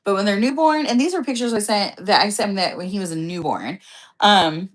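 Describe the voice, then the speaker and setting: A woman's voice: medium pitch, animated, a little fast. A woman vlog host in easygoing conversation. She rambles from one anecdote to the next with a loose, profane, chatty delivery. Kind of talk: casual chat.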